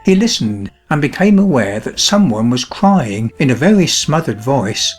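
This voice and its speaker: Animated male fairy-tale narrator. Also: mid-range voice, moderate pace, few pauses, slightly rough, faint music behind. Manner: expressive, animated storytelling.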